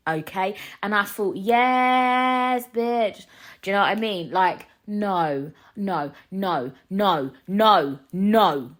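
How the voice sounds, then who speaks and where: A young woman hosts a solo podcast in a loose, chatty rant. Her voice sits slightly low and swings from loud, lively outbursts to quiet muttered asides. She jokes and riffs as she talks. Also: slow, few pauses. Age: 20s. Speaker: podcast host.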